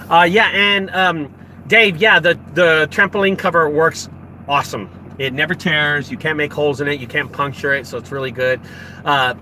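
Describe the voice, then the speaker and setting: A middle-aged man rambles in a casual live-stream chat and speaks straight to his viewers. His voice sits a bit high and sounds bright and forceful. He records outdoors on a handheld phone, with faint traffic hum behind him. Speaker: junk removal business owner streaming live. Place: outdoors beside a dumpster.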